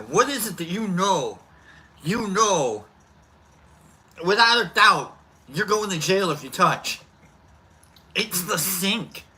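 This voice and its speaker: A man's voice: high-pitched, sharp tone. A man hosting a casual live stream, talking with his mouth full and telling a rambling, jokey story. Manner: talking while eating.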